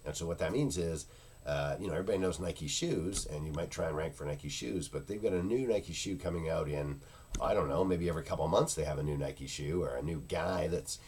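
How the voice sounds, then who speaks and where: A man's voice: extremely low pitch, a little fast, darkish tone, slight background noise. A man talking casually and unscripted in a product review video, rambling and searching for words with many fillers. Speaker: internet marketing product reviewer.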